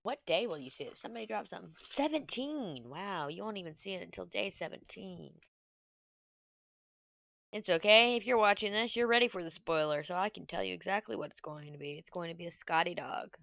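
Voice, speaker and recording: A woman vlogging casually while she crafts, chatty and self-mocking, thinking her plans out loud. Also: lowish voice, animated, a little fast, gravelly, no echo.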